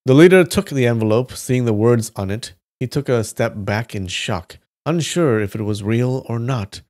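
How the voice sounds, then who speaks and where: A man reading a story aloud on a live stream with steady delivery. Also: mid-range voice, moderate pace. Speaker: live reader.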